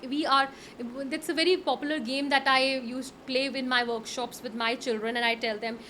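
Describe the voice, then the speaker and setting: A middle-aged woman with an Indian English accent, explaining public speaking tips in an animated, instructive way and often repeating words. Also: sits high, fairly quick. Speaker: soft skills trainer. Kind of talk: conversational interview, Hinglish. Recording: faint background noise.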